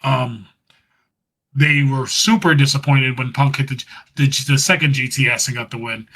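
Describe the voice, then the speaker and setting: A man's voice: medium pitch, fairly even intonation, moderate pace, fairly bright tone, rough recording. A man co-hosting a podcast, casually recapping wrestling, rambling and laughing as he acts out what was said. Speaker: podcast co-host.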